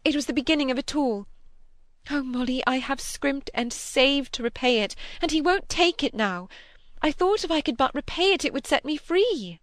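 A woman's voice: animated, normal speed, no room sound, lightly acted. A woman voicing a distraught, pleading young woman. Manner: emotional, pleading, high-strung. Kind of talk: audiobook character reading.

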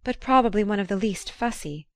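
A woman reading the lines of a composed, honest woman with a quiet voice in an audiobook, speaking simply and calmly. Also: mid-range voice, a little fast, no room sound, studio quality, close to an everyday voice. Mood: wistful. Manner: calm, simple.

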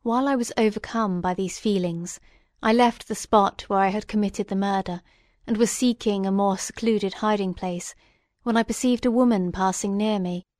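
A woman reading a classic novel aloud in a measured, solemn manner. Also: medium pitch, fairly even intonation, a little mellow, no echo, studio quality. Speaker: audiobook reader.

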